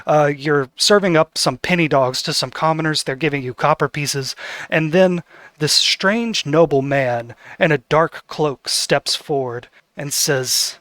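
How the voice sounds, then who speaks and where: A man's voice: a little high, unhurried, a bit bright, no echo. A man narrating as game master of a tabletop game, setting scenes with descriptive narration and fillers.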